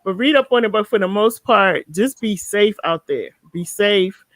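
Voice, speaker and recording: A woman hosting a casual live talk show, chatting and telling animated stories. She sounds tired near the end of the night. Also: medium pitch, moderate pace, dry recording. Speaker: show host.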